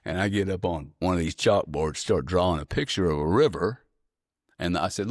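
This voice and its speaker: A man guest on an interview podcast, telling stories in a blunt, profane, animated way. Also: low-pitched, moderate pace, dry recording, studio quality. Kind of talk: casual storytelling interview.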